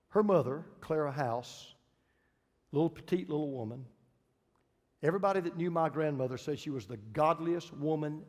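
Preacher, male, middle-aged, somewhat high voice, emphatic with hushed drops, long hall echo. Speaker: pastor. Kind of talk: sermon. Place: church sanctuary.

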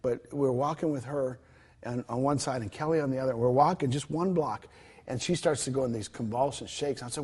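In a conversational interview, a guest with a husky, slightly mellow voice at medium pitch relates a story from his ministry at a fairly quick pace. He recreates the dialogue, stumbling through many fillers and restarts.

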